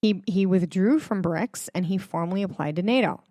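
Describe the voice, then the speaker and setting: A woman's voice: lowish voice, normal speed, mellow, no room sound, studio quality. A woman hosting a casual religious commentary, chatty and emphatic, with many fillers, speaking straight to her viewers. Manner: addresses viewers directly. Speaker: host.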